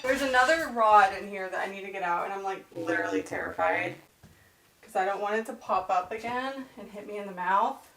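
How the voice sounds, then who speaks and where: A woman's voice: mid-range voice, a little fast, crowd noise. Chatty young woman vlogging casually. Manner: blunt, chatty, uses lots of fillers and swearing. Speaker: book vlogger. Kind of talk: casual vlog chat. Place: home.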